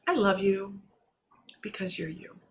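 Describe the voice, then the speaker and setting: A woman speaking as an adoring, loyal pet dog in a soft, gushing voice. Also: mid-range voice, a little slow, close to an everyday voice.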